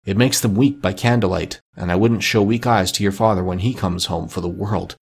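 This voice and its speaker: A man reading a gentle worried mother. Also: low-pitched, a little fast, gravelly, slightly rough, full character voice. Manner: steady, gentle. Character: patient worried Victorian mother. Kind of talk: audiobook reading.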